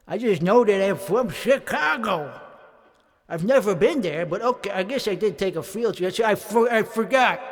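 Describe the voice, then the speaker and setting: Man playing a brash, profane, clueless young guy persona; high voice, rambling comedic monologue. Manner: profane, rambling, self-interrupting. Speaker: comedy character performer. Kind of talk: in-character rambling stand-up. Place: karaoke bar with colored lights.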